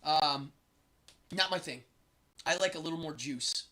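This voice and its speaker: A man's voice: fairly high pitch, a little slow, pushed and bright. A man hosting a casual live stream, chatting and rambling with strong opinions. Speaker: host.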